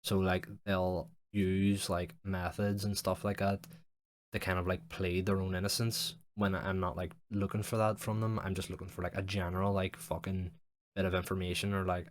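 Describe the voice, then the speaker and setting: A man's voice: low-pitched, little pitch movement, normal speed. A young man hosting a solo podcast, rambling frankly and reflectively about his feelings, with constant swearing and fillers. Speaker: podcast host. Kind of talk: casual solo podcast monologue.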